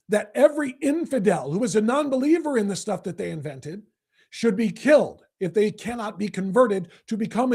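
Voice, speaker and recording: A man hosting his own opinion podcast, talking emphatically with deliberate pauses. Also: high voice, darkish tone, breathy edge. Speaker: podcast host. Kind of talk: opinion commentary.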